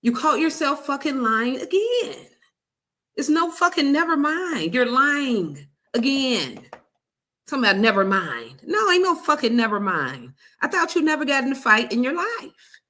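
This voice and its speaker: A woman's voice: sits high, very animated, moderate pace, pushed and bright. A woman hosting a livestream, mocking and sarcastically calling out a woman in a clip. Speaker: livestream host. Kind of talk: reaction commentary.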